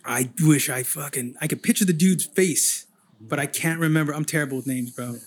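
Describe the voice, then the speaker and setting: A man's voice: a little high, fairly quick, husky. A man chatting on a podcast as a guest artist, telling rambling, profane stories. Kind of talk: casual chat.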